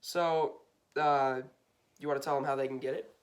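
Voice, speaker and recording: A man's voice: medium pitch, fairly even intonation, moderate pace. A man co-hosting a casual podcast with his brother, laughing, swearing and rambling with fillers. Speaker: podcast co-host. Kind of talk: casual chat.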